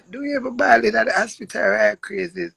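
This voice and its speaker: A woman's voice: on the high side, vocal fry, husky. A middle-aged Jamaican woman chatting casually on a live stream, telling stories and laughing often. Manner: animated storytelling with frequent laughs.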